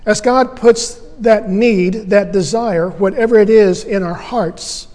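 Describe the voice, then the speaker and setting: High-voiced man preaching a sermon. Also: slow, darkish tone, long reverb tail. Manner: earnest, emphatic preaching with rhetorical questions. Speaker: pastor.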